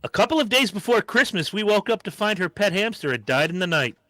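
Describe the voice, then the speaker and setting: Bright-voiced, sarcastic podcast host man. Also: sits high, fast talker, no room sound. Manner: animated, sarcastic, swears freely. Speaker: podcast host reading a listener story. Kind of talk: casual comedic podcast chat.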